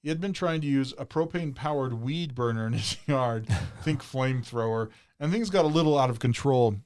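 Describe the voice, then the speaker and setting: A man's voice: medium pitch, a little fast, darkish tone, clean tone. A man co-hosting a podcast, reading funny stories aloud and laughing often as he goes. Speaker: podcast co-host.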